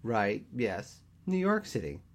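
A man playing a deadpan, teasing guy in his thirties, dry and wry with his friend. The voice is lowish with lively swings in pitch in a read-aloud story. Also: slow pace, full character voice. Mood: deadpan, exasperated.

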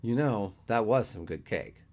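A man playing a deadpan, teasing guy in his thirties, dry and wry with his friend. The voice is lowish with lively swings in pitch in a read-aloud story. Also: unhurried.

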